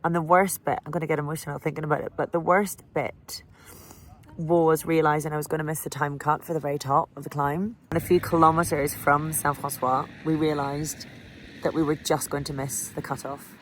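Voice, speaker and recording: A woman's voice: sits low, level tone, a little fast, a little hiss or hum. An Irish woman vlogging candidly and emotionally about a hard cycling challenge. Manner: emotional, candid, breaks into laughter. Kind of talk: candid personal vlog.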